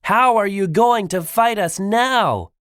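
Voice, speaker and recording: A man reading an audiobook for learners, voicing an eager young male panda hero in a loud, high voice. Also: animated, takes it slowly, clear, resonant tone, dry recording, clean studio sound, full character voice. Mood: excited.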